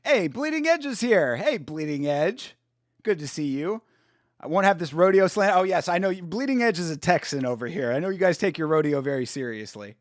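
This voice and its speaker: Male stream host, slightly high voice, casual and giggly, swears freely, dead-dry booth sound. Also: no room sound. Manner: laughs a lot and keeps apologizing. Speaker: livestream host. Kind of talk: casual live-stream chat, reading viewer comments.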